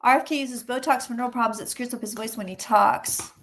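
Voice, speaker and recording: A woman psychic chatting casually on a tarot livestream, chatty and animated, often acting out what people say. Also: a little high, brisk, slight background noise.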